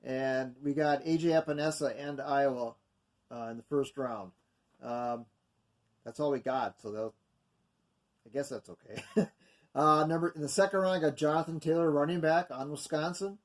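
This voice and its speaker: A man's voice: on the high side, normal speed. A man casually going through mock draft picks from his notes, rambling with many fillers and self-corrections. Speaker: video host going over mock drafts. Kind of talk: casual unscripted commentary.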